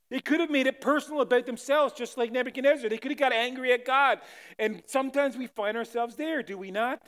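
A man preaching a sermon, retelling a scripture story, swinging from loud fervor to soft, pleading lines. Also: extremely high pitch, fairly quick.

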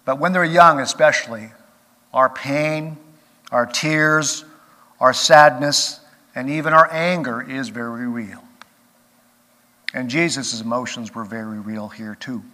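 A man preaching a sermon as pastor, earnest, rising to emphatic peaks and then dropping quiet. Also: mid-range voice, slow pace, pauses often. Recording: long reverb of a large hall.

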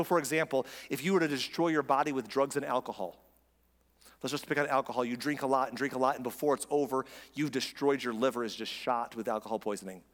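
A man's voice: mid-range voice, in a large hall. A man preaching a sermon as a pastor, in an earnest, conversational way with frequent restarts.

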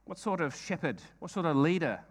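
A man's voice: on the high side, lively intonation, a little fast. A man preaching a sermon, earnest, with frequent rhetorical questions and repeated phrases.

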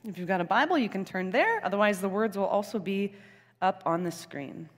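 A young woman preaches a sermon in a lively storytelling way, with chuckles and asides. Her voice swings widely in pitch. A long reverb hangs behind her, as in a church hall. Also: brisk. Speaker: pastor.

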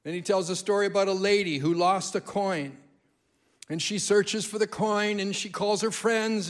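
A man preaching a sermon as a guest speaker, telling stories in an animated way and repeating key phrases for emphasis. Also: high voice, normal speed. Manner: animated storytelling, emphatic repetition.

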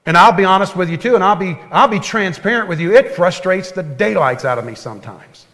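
A man preaching a sermon as pastor, earnest and folksy, often dropping to a soft hush. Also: sits high, animated, fairly quick. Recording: long hall reverb.

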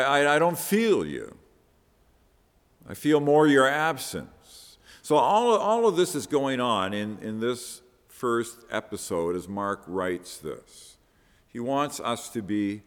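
A man preaching a sermon on a Bible passage, earnest, often repeating words as he stresses a point. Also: on the low side. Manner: earnest, repeats words, quotes with rising emphasis. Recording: long hall reverb.

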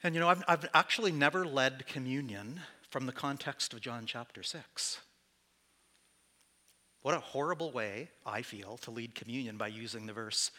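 A man's voice: mid-range voice, normal speed, sharp tone. A man preaching as pastor to his church, candid and conversational, with self-deprecating asides. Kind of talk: sermon.

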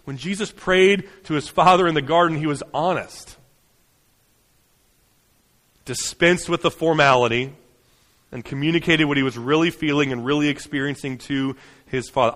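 A man preaching a sermon in a conversational way. He uses frequent "right?" and "you know" asides, builds to fast, urgent runs, then drops soft and slow. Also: a little high, in a large hall. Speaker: pastor.

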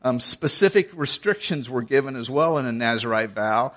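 A man's voice: mid-range voice, expressive, moderate pace, a bit bright. A man preaching a sermon, reading scripture verse by verse and explaining it in an earnest, conversational way, often restarting his phrases.

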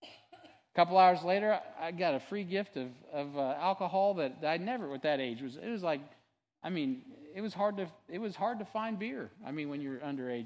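Earnest male pastor in a reverberant hall. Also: a little high. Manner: conversational storytelling with frequent restarts and asides; earnest and animated when testifying. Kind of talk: sermon.

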